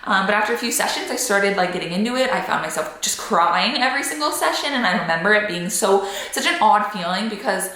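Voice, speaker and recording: Young woman talking to camera, super candid, bright voice bouncing around an echoey room. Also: mid-range voice, lively intonation, fast talker, few pauses. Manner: candid and chatty, many "like" fillers. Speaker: vlogger. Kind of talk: personal storytelling to camera.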